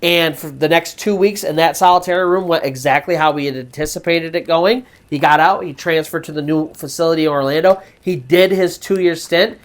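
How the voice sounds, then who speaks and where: A man's voice: fairly high pitch, a little fast, hardly any pauses. A man hosting a storytelling channel, retelling a true ghost story in a loose, conversational way with fillers and restarts. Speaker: storyteller host.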